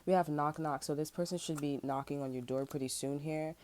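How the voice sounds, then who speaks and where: Low-voiced, profane tarot reader woman. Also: steady tone, brisk, darkish tone, a little hiss or hum. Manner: rambling, profane, slangy, heats up when ranting. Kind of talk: casual pick-a-card tarot reading.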